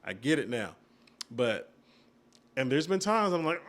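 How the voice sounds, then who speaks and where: A young man chatting on a podcast, telling stories about his family and slipping into the voices of the people in them. His pitch sits in the middle for a man. He talks loosely and casually. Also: moderate pace. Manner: storytelling, animated retellings of family moments. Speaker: podcast co-host. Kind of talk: casual chat.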